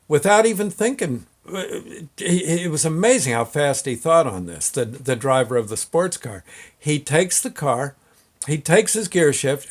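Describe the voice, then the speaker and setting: A man tells a story in a loose, meandering way, often stopping to restart a phrase and chuckling to himself. His voice sits a little higher than most men's. He sounds like a show host talking off the cuff. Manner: rambling, with many fillers and restarts, chuckling often. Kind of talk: casual anecdotal storytelling.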